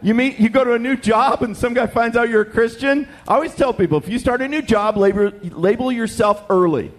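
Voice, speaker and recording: A young man preaching a sermon, telling stories with lively acted-out voices. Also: very high-pitched, a little fast, faint music behind. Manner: animated storytelling, acts out voices. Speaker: pastor.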